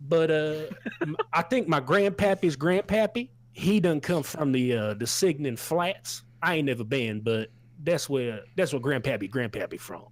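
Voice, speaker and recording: A man's voice: on the high side, dry recording. A man putting on a drunk old farmer. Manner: folksy, rambling, drawling. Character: drunk old male sheep farmer, rustic and mournful.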